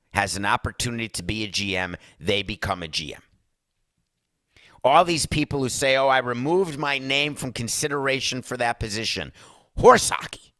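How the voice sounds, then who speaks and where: A male sports podcast host rants emphatically, tossing in sarcastic asides. His voice sits fairly low but sounds bright, and it is dry and close on a studio mic. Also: no room sound. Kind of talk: sports talk podcast monologue.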